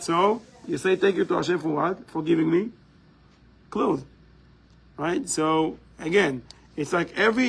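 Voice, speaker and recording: A man's voice: fairly high pitch, vocal fry, slightly rough, low-quality recording. A man teaching a live class in a community center, explaining step by step and often checking in with "right?".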